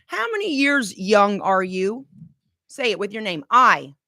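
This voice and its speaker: A woman in her forties giving an energetic motivational pep talk as coach and host, urging listeners to repeat affirmations after her. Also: medium pitch, unhurried, dry recording, clean studio sound. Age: 40s. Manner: energetic, exhorting, call-and-response.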